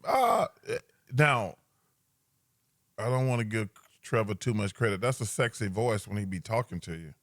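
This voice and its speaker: A middle-aged man co-hosting a podcast, telling rambling, animated stories with big laughs in casual banter. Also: on the low side, moderate pace, no echo, studio quality. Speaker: podcast co-host.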